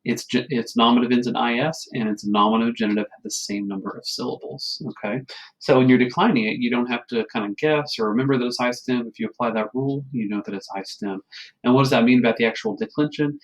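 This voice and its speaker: Man, teacher, recorded lesson; patient, steady explainer with a mid-range voice. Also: mid-range voice, fast, rough recording. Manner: patient, explanatory, frequent "okay?" check-ins. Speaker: Latin teacher. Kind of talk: recorded classroom lecture.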